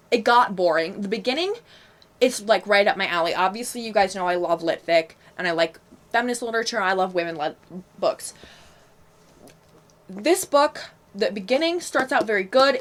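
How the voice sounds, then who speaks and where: A young woman casually reviewing books she read, chatty and frank with lots of fillers and asides. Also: fairly high pitch. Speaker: book vlogger. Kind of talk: casual book review vlog.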